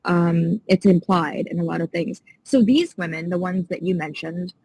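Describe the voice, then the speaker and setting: A woman's voice: on the low side, moderate pace, darkish tone, slightly rough, no echo, poor audio. A woman guest on a podcast, talking in a passionate, indignant and emphatic way in a casual interview.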